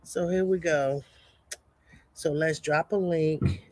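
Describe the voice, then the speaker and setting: A woman chatting casually on a homestead livestream, greeting viewers and reading a product label aloud haltingly. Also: deep voice, fairly even intonation, a little mellow, no room sound.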